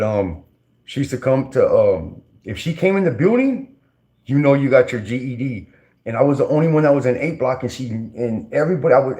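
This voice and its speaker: A man's voice: mid-range voice, warm tone. A man tells a story in loose, casual talk. His voice sits in an ordinary middle register. He rambles, restarts often and leans on slang and fillers.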